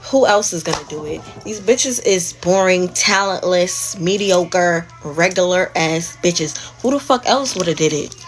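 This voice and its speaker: A woman's voice: fairly low pitch, expressive, measured pace, few pauses. A woman in a brash, profanity-filled rant, talking herself up over and over. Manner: brash, swearing, repetitive. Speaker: self-promoting speaker.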